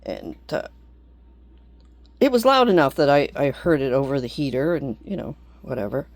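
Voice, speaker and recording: A woman's voice: very deep voice, very animated, normal speed, a little mellow, dry recording. A woman talking straight to camera in a rambling, blunt vlog, swearing freely and laughing often. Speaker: vlogger. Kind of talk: casual rambling monologue.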